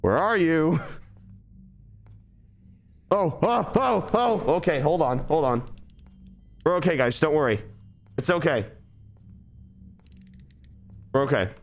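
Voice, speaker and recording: Jittery, animated young-sounding man streaming. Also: a little high, slow pace, vocal fry, pauses often. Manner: jittery, nervous, rambling. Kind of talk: live horror game commentary.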